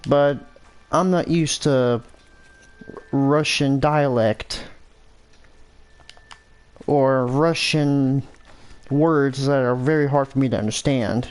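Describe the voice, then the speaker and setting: A man's voice: mid-range voice, slow pace, pauses often, clear, resonant tone. An American man giving casual, rambling commentary over a hunting game, thinking aloud and correcting himself as he goes. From United States. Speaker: gameplay commentator.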